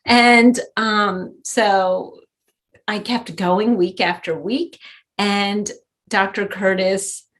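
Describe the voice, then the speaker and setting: A woman's voice: mid-range voice, fairly even intonation, extremely slow. A woman guest on a podcast, telling personal stories with many fillers and bursts of laughter. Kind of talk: storytelling in interview.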